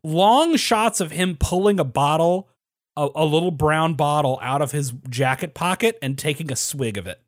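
A man co-hosting a podcast, chatting casually, animated and swearing freely. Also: fairly high pitch, moderate pace, no echo, studio quality. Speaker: podcast co-host. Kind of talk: casual chat.

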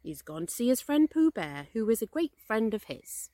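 A woman's voice: fairly high pitch, sing-song, normal speed, warm tone, no echo, pitched above the performer's own voice. A woman voicing a cautious, fussy male rabbit in a storybook reading, prim and wary. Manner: prim, wary, a bit evasive.

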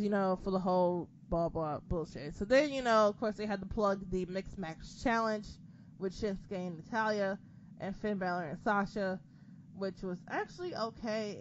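Profane, sarcastic woman recapping wrestling. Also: medium pitch. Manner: profane, sarcastic, animated retelling. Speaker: podcast co-host. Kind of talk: casual wrestling recap chat. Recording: dull lo-fi sound with background noise.

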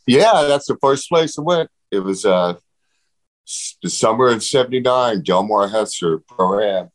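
A man telling stories in a casual interview, animated, swearing freely and acting out what others said. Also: lowish voice, measured pace, poor audio. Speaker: guest.

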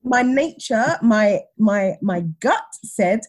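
A woman, telling a personal story in a casual chat with lively, acted-out retellings. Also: a little high, slow. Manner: animated, acts out others' lines. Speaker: podcast guest, teacher.

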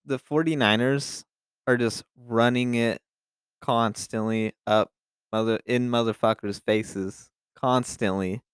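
A young man co-hosts a football podcast in a loose, profane chat style, often restarting his sentences. His voice is smooth and clear. It sounds close and dry, with no room sound. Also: medium pitch, steady tone, slow pace, no echo. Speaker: podcast co-host. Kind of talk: casual sports chat.

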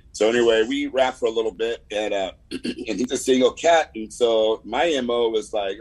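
A man's voice: mid-range voice, normal speed, low-quality recording. A man from California's San Fernando Valley with a Southern Californian accent, giving a rambling, laid-back sales update on a video call, full of fillers and "man". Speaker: insurance agent giving a weekly report.

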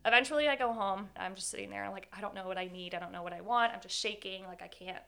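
Candid young woman with a gravelly voice. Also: medium pitch, rapid-fire, fairly bright tone. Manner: candid, earnest, says 'like' often. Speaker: guest. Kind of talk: personal storytelling interview.

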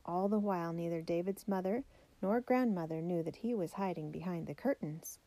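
A woman reading a children's biography aloud in a measured, steady way. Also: lowish voice, dry recording. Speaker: narrator.

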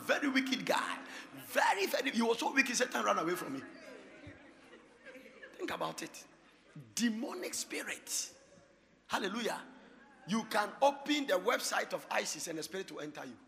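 A man preaching a sermon, moving from hushed storytelling to shouted exhortation and laughing often. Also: sits high, vocal fry, big-room sound. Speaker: pastor.

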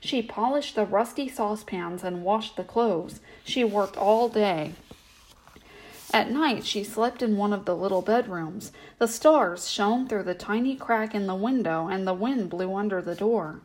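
Storyteller: a woman with a gentle, even bedtime reading voice. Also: medium pitch, a little slow, poor audio.

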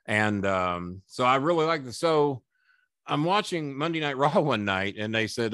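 On a podcast, a former wrestling manager tells stories as a guest, swearing freely and acting out other people's words. His medium-pitched voice is unhurried, and the clean studio recording has no room sound.

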